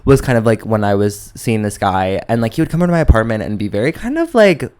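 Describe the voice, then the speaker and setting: A man's voice: fairly low pitch, sing-song, fast talker, a little mellow, clear, resonant tone. A man co-hosting a podcast, telling a long story in a chatty, gossipy way, full of "like". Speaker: podcast co-host. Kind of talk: casual chat, storytelling.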